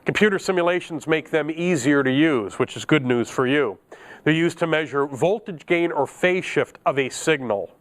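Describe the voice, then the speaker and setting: At a moderate pace and fairly high pitch, a middle-aged man lectures an electronics class, keeping things chatty and jokey and laughing at his own digressions.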